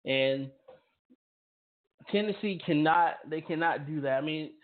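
A man's voice: a little high, a little slow. Emphatic man on a tinny phone line. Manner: repeats and restarts phrases, emphatic. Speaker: radio show host. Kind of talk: football talk radio commentary.

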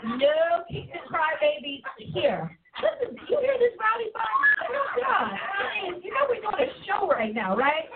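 A woman's voice: extremely high pitch, sing-song, unhurried, hardly any pauses, crowd noise. A woman hosting a live faith show, talking in an exuberant, preachy way with frequent laughter. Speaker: host. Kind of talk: lively live show chat. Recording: tinny phone-like sound.

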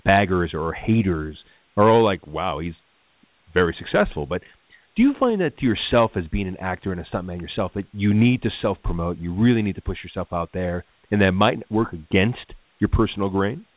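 A man's voice: deep voice, brisk, no room sound. A man hosting a radio interview, asking questions in a loose, chatty way with stumbling repeats. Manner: lively, laughs often, stumbling repeats. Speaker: radio show host. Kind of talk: casual interview. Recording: tinny phone-like line, dry.

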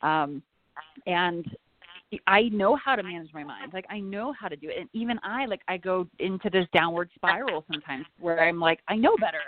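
A woman in her forties, a guest in a casual chat, speaks candidly in a lowish voice at a moderate pace, swearing freely and laughing easily. There's no echo, but the line sounds tinny and phone-like with faint noise.

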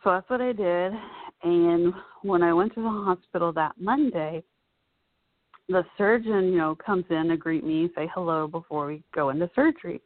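A woman's voice: on the low side, normal speed, no room sound. A woman vlogger telling a personal story in a casual, chatty way, full of "you know" asides. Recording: dry, tinny phone-like sound.

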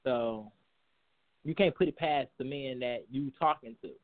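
A man's voice: medium pitch, unhurried. A man hosting a casual talk show, asking questions and rambling while he searches for words. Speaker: host. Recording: phone-like narrow sound.

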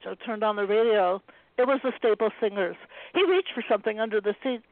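A woman author reading a passage from her own novel aloud in a steady, even way. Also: medium pitch, a little fast, no room sound. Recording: dry tinny phone-like line.

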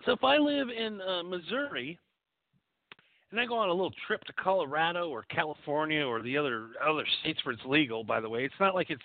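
This man's voice is on the high side and fairly quick, heard with no echo through narrow, tinny sound. Hosting a call-in show, he's profane and animated, wandering from point to point in crude, casual talk.

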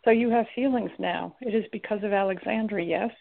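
A woman voicing an ancient male giant guardian who speaks in a calm, measured way. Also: mid-range voice, vocal fry, lightly acted. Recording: tinny lo-fi recording.

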